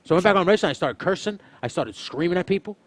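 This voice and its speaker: A young man casually telling a story on a stream, swearing often and loudly acting out what people said. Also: sits high, very fast. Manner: animated, swearing, acts out quotes loudly. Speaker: streamer, host.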